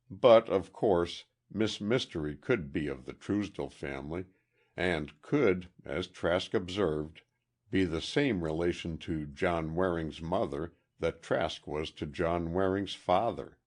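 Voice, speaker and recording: A man narrating a mystery audiobook in a deliberate, expressive reading. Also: deep voice. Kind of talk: scripted narration.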